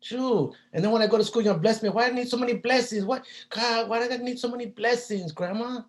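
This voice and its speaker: A whiny little boy pleads and complains in a high, pinched voice, as a man puts him on while telling a story. His questions come one after another, nagging and put-upon. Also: fast.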